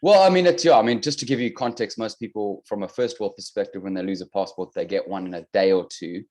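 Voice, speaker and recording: Dry-humored South African man, lowish voice. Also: quick pace, darkish tone. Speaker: podcast guest, fitness coach. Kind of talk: casual video-call chat. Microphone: video call.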